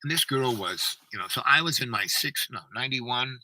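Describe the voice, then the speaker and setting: A man's voice: medium pitch, expressive, moderate pace, bright, forceful tone, no echo, poor audio. A man in his seventies telling a long story in a meandering, casual way, full of "you know" fillers. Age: 70s. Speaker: channel host.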